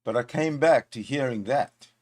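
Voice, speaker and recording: A man's voice: medium pitch, normal speed. A man hosting a reaction video, making sarcastic casual commentary and heckling the clip he plays.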